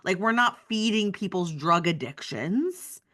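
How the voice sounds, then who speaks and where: A woman's voice: medium pitch, expressive, unhurried, fairly bright tone. A woman hosting a podcast interview, enthusiastic and affirming, with frequent "like" fillers as she talks through ideas. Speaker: podcast host. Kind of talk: candid conversational interview.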